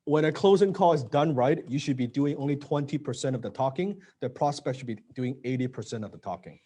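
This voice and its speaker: A man teaching a live sales training, blunt and casual, swearing now and then and dropping low to stress points. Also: a little fast, warm tone, breathy edge. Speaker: sales coach.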